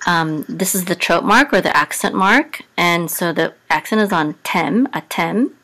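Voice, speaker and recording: A woman teaching a casual Hebrew reading lesson, sounding out letters slowly with many pauses and ums. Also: expressive, a bit bright. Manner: slow, deliberate, with many ums, sings the trope marks on a higher pitch.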